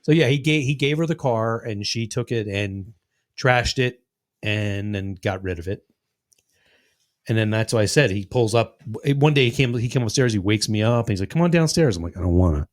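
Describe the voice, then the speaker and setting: A man's voice: lowish voice, moderate pace. A man in his sixties, a podcast host, telling long, profane stories in casual chat and acting out the lines of people in them. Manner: rambling, profane storytelling with acted-out quotes.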